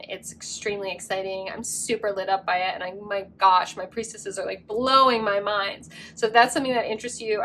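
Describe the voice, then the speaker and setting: A woman's voice: medium pitch, a bit bright, a little hiss or hum. A woman reading tarot cards to camera in a gushing, effusive way, full of fillers and affirmations. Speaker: tarot reader.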